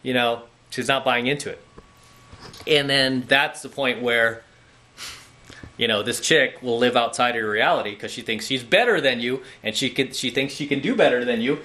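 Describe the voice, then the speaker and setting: Blunt, forceful male dating coach. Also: mid-range voice, moderate pace. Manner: blunt, lecturing, repeats "okay?" and "right?". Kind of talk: direct-to-camera coaching monologue.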